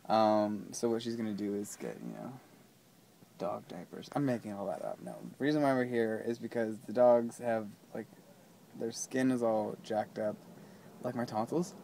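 Vlogger, male, sore throat; deadpan joker, whispery asides, faint background noise. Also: on the low side, moderate pace, gravelly. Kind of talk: rambling comic vlog. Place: waiting outside an animal hospital.

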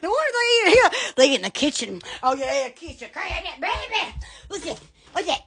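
A woman's voice: extremely high pitch, big pitch swings, brisk, heavy background noise. A woman hosting an Instagram live from home on her phone, chatting in a rambling, giggly, exclamatory way. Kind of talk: rambling live-stream chat.

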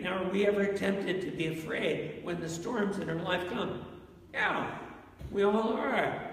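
An unhurried male pastor with a high, gravelly voice, preaching to a congregation and pausing to ask them questions. His voice rings through a large church with a long reverb tail. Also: recorded from a distance. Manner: asks the congregation questions, storytelling. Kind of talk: interactive sermon. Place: church sanctuary.

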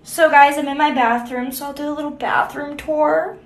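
A woman's voice: high voice, steady tone, normal speed. A young woman vlogger chatting in an upbeat, goofy way. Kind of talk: casual vlog narration. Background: background music.

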